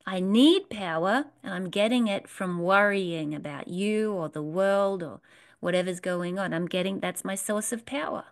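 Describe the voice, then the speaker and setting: Woman leading a spiritual workshop. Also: mid-range voice. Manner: earnest, repetitive, asks the audience questions. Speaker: workshop leader. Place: workshop room with a live audience.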